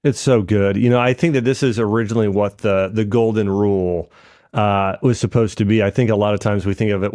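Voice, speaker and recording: A man's voice: fairly low pitch, fairly even intonation, a little fast, darkish tone. A man hosting an interview, responding in a reflective, affirming way. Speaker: podcast host. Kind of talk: conversational interview.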